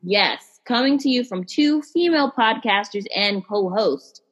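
A woman's voice: mid-range voice, animated, a little slow, a bit bright, dull audio. A woman co-hosting a podcast in casual chat, chatty and upbeat as she wraps up the show. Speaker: podcast co-host.

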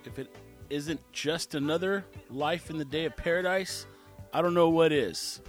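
A man's voice: on the high side, moderate pace, soft background music. A man hosting his own show, rambling through an opinionated casual monologue. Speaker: podcast host.

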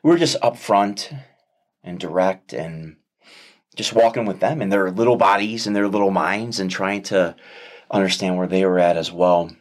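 A man with a low, deep voice speaks as a guest in an interview, sharing a heartfelt personal testimony. He talks earnestly and reflectively, pausing often and restarting his sentences as he searches for the right words.

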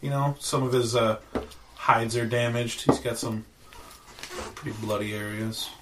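A man narrating as game master, casual and chatty, with quick asides. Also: medium pitch, steady tone, distant mic, background noise.

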